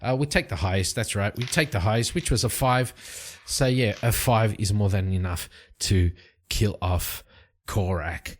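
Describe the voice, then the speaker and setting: A man casually narrating his solo tabletop roleplaying game from his home study, relaxed and rambling. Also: on the low side, moderate pace. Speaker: solo tabletop game player and channel host.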